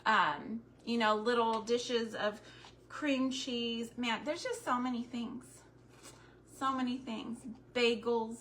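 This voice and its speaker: Woman in her forties, slow bright chatty livestream crafter, faint room hiss. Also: a little high. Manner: chatty, greets viewers by name, thinks aloud. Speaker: homestead DIY livestreamer. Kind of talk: casual livestream chat while crafting.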